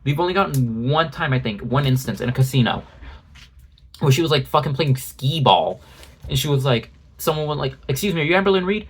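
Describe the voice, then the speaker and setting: A commentary YouTuber rants in a video, sarcastic and exasperated, swearing frequently. His voice is medium-pitched, expressive, and breathy, at a moderate pace.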